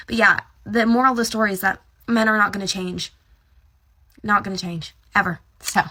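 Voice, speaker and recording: A woman's voice: mid-range voice, fairly even intonation, a little fast, sharp tone. A woman telling a story to camera in a smug, triumphant way.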